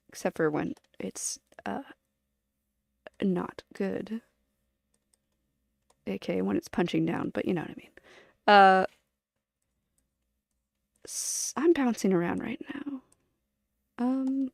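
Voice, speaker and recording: A woman's voice: medium pitch, vocal fry, no room sound, studio quality. A woman streamer chatting casually to her viewers, rambling and giggling as she jumps from one topic to the next.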